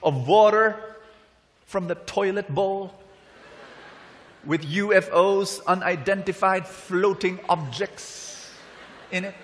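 A man voicing a restaurant customer who loudly and gleefully insists on disgusting food. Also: high-pitched, slow pace, long pauses, voice pushed up. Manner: loud, insistent, over-the-top demands. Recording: reverberant hall.

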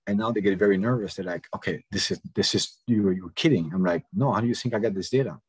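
A man with a low, slightly husky voice tells a lesson through a casual anecdote. He talks loosely, full of fillers, and slips into the voices of the people in the story. The sound is close and dry. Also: fast talker, no room sound, low-quality recording. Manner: casual, frequent "you know" fillers, acts out dialogue. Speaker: cybersecurity presenter.

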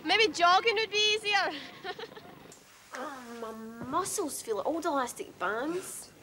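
A bright Glasgow schoolgirl. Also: very high-pitched, takes it slowly, a crowd in the background, full character voice. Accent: Scottish. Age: young adult. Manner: lively, joking, self-mocking. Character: cheerful determined Glasgow teenage girl. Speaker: teenage girl in a family drama. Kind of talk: 1980s television drama acting.

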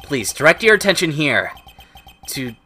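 A man's voice: on the high side, sing-song, normal speed, bright, forceful tone, heavily acted. A man reading as a nervous young defense lawyer. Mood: determined. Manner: anxious, determined.

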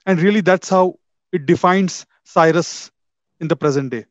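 High-voiced interviewer. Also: male voice, normal speed, no echo, highs cut off. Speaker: interviewer, host. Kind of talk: interview questions.

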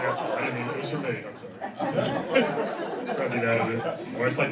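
This stand-up comedian has a high voice at a normal speed, and animatedly mimics people with loud, shouted put-on voices in front of a loud, laughing crowd at a live comedy venue. The recording, taken from far off, carries room echo and background noise.

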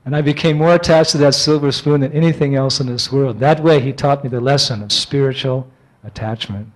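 Animated American man telling a story. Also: brisk, low-quality recording. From United States. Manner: animated storyteller who acts out quoted speech in high excited cries; drops to soft, hushed tones at emotional moments. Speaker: spiritual teacher giving a lecture. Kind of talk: storytelling lecture.

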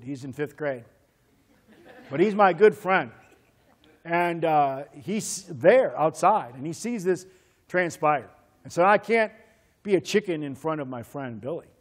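In a church, a male pastor delivers a sermon, recounting a story from his childhood and performing its characters' voices with big swings in pitch before he leads a prayer.

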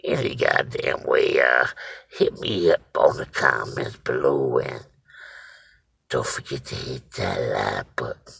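A man's voice: very deep voice, expressive, takes it slowly, gravelly, a bit bright, husky. A middle-aged man with a Cajun accent telling a profane, rambling comic story to his viewers. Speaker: vlogger.

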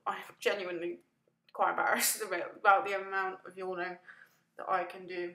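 A woman's voice: medium pitch, normal speed, pushed and bright. A woman chatting through a casual voice-over, rambling and self-deprecating, laughing and yawning often. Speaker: gaming video creator narrating a build. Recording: echoey room.

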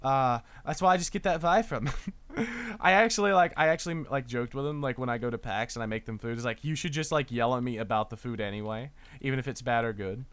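A man's voice: medium pitch, fast, fairly bright tone, clear, resonant tone, no room sound. A man hosting a casual game livestream, joking around and laughing often, with lots of restarts. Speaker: livestream host. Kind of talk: casual gaming chat.

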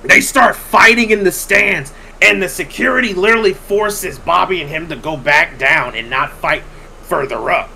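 A man's voice: high voice, normal speed, vocal fry, a little hiss or hum, poor audio. A man hosting a podcast, telling a long story casually with lots of swearing and acting out what other people said. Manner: animated, profane, acts out quoted people.

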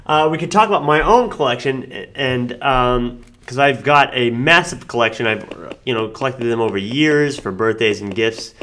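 A male co-host in casual comedic chat, rambling along and stumbling through filler words as he hunts for the right phrase. His voice sits at an ordinary middle pitch. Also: normal speed, hardly any pauses, a bit bright. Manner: rambling, hesitant, full of fillers.

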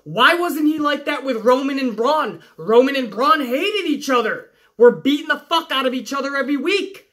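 A woman's voice: a little high, a bit bright. A woman reviewing a wrestling show in a sarcastic, exasperated rant full of swearing. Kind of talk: profane recap rant.

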